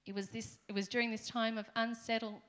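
A woman's voice: fairly high pitch, little pitch movement, fairly quick, a bit bright. Woman preaching a conversational sermon. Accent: Australian. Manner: conversational, playful asides to congregation. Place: church hall.

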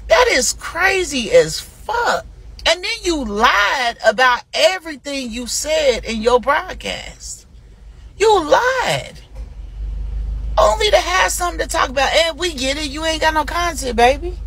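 A woman hosts a livestream and rants heatedly at a rival, swearing at every turn. Her bright, forceful voice rises and falls in wide swings. She lurches from outright shouting to mocking asides. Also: high-pitched, animated, moderate pace, creaky, hardly any pauses. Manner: heated, scolding, profanity-laced. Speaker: livestream host. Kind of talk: profane livestream rant.

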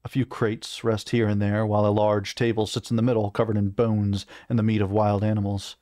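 A man reading a fantasy novel aloud in steady first-person narration, with a few small stumbles. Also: lowish voice, brisk, no echo, clean studio sound. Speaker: reader of a novel.

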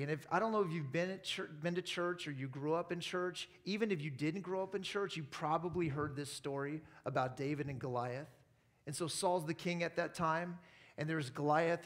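A man preaching a sermon at a church service, telling a story in a lively way and acting out the lines of its people. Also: on the high side. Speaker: pastor.

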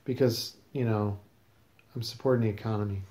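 A man's voice: lowish voice, steady tone, brisk, mellow, echoey room. A man hosting a casual podcast, questioning his guest in a teasing, mock-serious way. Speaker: podcast host.

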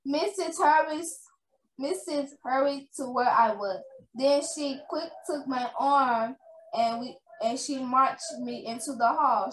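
Woman reader, high pitch, unhurried halting read-aloud, echoey room with faint noise. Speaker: reader at a reading fair. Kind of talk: reading a children's chapter book aloud.

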